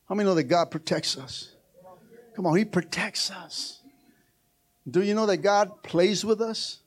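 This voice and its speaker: An older man, a pastor, preaching a sermon with fervent energy, often calling out "amen" and rising to shouts. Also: high-pitched, measured pace, long pauses, slightly rough. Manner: energetic preaching with frequent "amen" and "come on, somebody", climbing to shouts.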